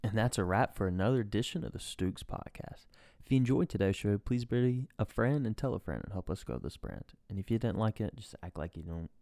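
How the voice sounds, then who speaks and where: A man hosting a podcast, talking in a relaxed, casual way and signing off the show. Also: low voice, dry recording, studio quality. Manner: laid-back, swears casually, rambling outro. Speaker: podcast host.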